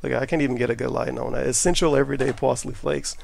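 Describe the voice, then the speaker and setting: A man's voice: mid-range voice, fairly even intonation, very fast, vocal fry, a little mellow. A man, chatting offhand and with profanity as he cooks in his home kitchen for a vlog. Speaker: cooking vlogger. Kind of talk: casual cooking vlog. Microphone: camera mic while cooking.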